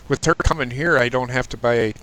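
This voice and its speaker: A man hosting a casual live stream chat, joking around, swearing and laughing loudly. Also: mid-range voice, fast. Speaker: stream host.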